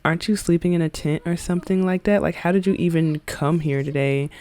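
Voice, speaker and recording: Woman doing a spoiled high-school cheerleader girl, mocking and whiny, lively pitch. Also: fairly quick, natural voice. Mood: taunting.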